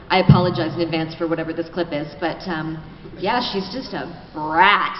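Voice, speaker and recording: A woman speaking as a guest voice actress at a convention panel, relaxed and self-deprecating. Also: low voice, normal speed, a little hiss or hum. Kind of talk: casual convention panel talk. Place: large convention hall. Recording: echoey hall, distant mic, dull sound.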